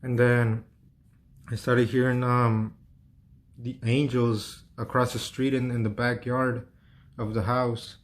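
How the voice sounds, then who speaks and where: A man with a mid-range voice meanders through a personal story, speaking slowly with long pauses and very flat intonation. He rambles casually, relying heavily on fillers, restarting often and swearing freely.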